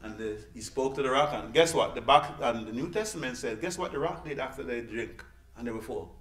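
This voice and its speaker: Man, preacher, sermon, lively folksy delivery, bright tone, roomy church echo. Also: mid-range voice, fairly quick. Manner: lively, folksy preaching with sudden loud peaks and hushed asides. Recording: echoey church room.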